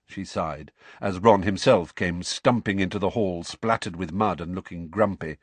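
A man narrating an audiobook in an expressive storytelling manner. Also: deep voice, unhurried, no room sound.

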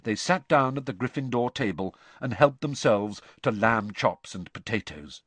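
Expressive male audiobook narrator. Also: mid-range voice, moderate pace, husky, no echo. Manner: expressive, varied storytelling.

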